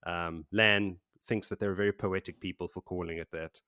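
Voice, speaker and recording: A man's voice: low-pitched, normal speed, no echo, clean studio sound. A man co-hosting a podcast, recapping a book chapter in casual chat and acting out the characters' lines, with some swearing. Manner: animated retelling with acted quotes and swearing. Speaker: podcast co-host.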